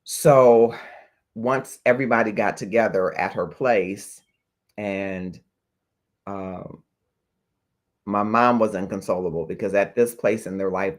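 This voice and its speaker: Earnest low-voiced man hosting a talk. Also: slow, pauses often. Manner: earnest and reflective, checks in with listeners. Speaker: host of a talk show on grief. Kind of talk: heartfelt livestream talk to viewers.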